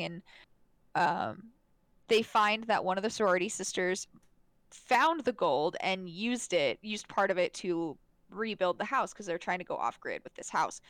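A young woman talks through a movie plot as a podcast co-host, loose and chatty, stumbling over her words and laughing as she goes. Her voice sits at an ordinary middle pitch. The recording is close and dry, with no room sound. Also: dry recording. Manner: chatty, laughs often, many fillers and restarts. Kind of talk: casual chat reviewing a movie.

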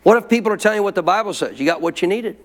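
A man's voice: sits high, lively intonation, racing. A man preaching a sermon in an emphatic way, repeating his points and calling for amens from the congregation.

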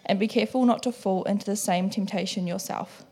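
A woman reading a Bible passage aloud in church, steady and careful. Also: mid-range voice, a little fast. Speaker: scripture reader.

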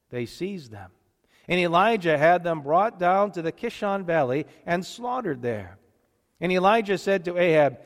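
A man reading scripture and preaching in a church, steady and deliberate, with measured pauses. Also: on the high side, long reverb tail.

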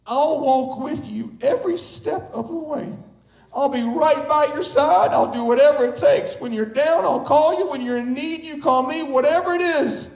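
A preaching man with a strikingly high voice, delivering a sermon from the pulpit. He talks emphatically and works up to shouts. The room carries a clear echo. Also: normal speed. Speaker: pastor. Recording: echoey room.

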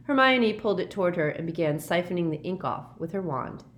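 A woman reads a fantasy novel aloud in a steady storybook narration. Her voice sits low for a woman. Faint background noise lies under the reading. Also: a little fast. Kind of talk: audiobook reading.

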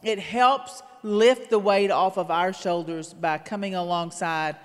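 A woman's voice: lowish voice, unhurried. A woman preaching alongside the pastor in an earnest, rhythmic way, repeating her phrases. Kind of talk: sermon. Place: church sanctuary. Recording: long hall reverb in a sanctuary.

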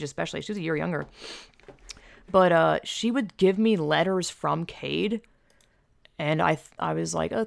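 A woman's voice: sits low, creaky, no room sound. A woman telling stories in a loose, rambling monologue, full of fillers and casual swearing.

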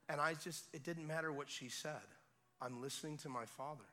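A man preaching at a revival service, telling a story with swings between hushed quiet and loud excitement. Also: a little high, fairly quick. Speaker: guest preacher. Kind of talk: sermon testimony. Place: church service.

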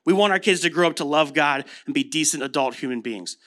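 A fast-talking American pastor in his thirties has a slightly high voice with a sharp edge. He preaches casually, leaning on stories and rhetorical questions.

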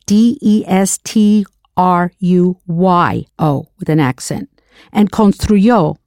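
A woman's voice: medium pitch, mellow, no room sound, studio quality. A woman teaching a recorded language lesson, spelling words out letter by letter and asking the listener to answer. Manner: spells words letter by letter, then prompts the learner.

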